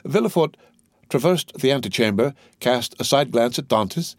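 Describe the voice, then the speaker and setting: A man's voice: medium pitch, dry recording. Man narrating a classic audiobook, dry. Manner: steady, measured reading.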